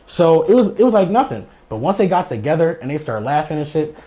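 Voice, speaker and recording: A man's voice: fairly high pitch, fast talker. A young man telling a funny personal story in slangy, rambling casual speech, laughing often as he goes. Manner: animated, laughs through the telling. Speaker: guest storyteller.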